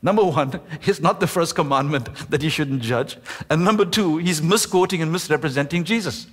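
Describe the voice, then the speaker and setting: Pastor guy preaching hard, kinda high voice, long echo in the church. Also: breathy edge. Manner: emphatic preaching, slows and stretches key words. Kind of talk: sermon. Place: church sanctuary. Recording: echoey church hall.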